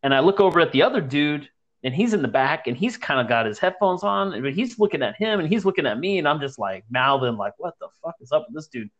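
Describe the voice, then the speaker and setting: A man's voice: on the high side, fast talker, highs cut off. A young man casually telling a story to friends, profane and slangy, acting out the people he describes. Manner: profane, slangy, animated retelling.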